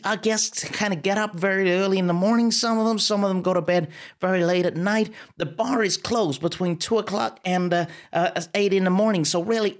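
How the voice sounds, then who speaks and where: A woman's voice: medium pitch, lightly acted. Lady doing a fake american accent as a chatty hotel receptionist, calls you honey. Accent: attempted American. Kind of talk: improvised comedy role-play.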